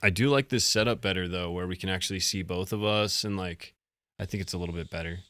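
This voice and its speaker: A man co-hosting a live stream, chatting casually and thinking out loud with self-deprecating asides. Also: deep voice, fast talker, a little hiss or hum. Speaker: co-host.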